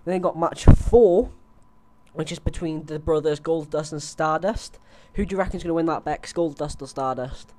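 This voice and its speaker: A man's voice: on the high side, moderate pace, warm tone. A young man on a headset, chatting loosely through his predictions with lots of fillers and restarts. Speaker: host. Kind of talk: casual wrestling predictions chat.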